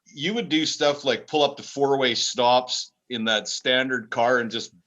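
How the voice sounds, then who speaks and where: A man co-hosting a podcast, reminiscing and asking questions in a chatty, halting way. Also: medium pitch, fairly bright tone. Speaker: podcast co-host. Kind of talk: casual podcast chat.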